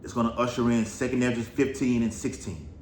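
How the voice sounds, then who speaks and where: A man preaches end-times commentary in a loose, rambling way, swearing freely and tossing in "all right" again and again. His voice sits at a middle pitch. The room is echoey, with faint noise behind him. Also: fairly quick, darkish tone. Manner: rambling, profane, keeps saying "all right". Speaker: Bible prophecy commentator.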